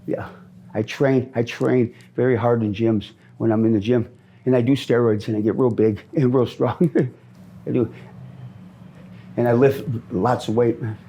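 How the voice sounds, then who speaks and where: A middle-aged Minnesotan answers street interview questions in a steady, unhurried, dark-toned mid-range voice. He rambles and repeats himself, frequently ending with "man."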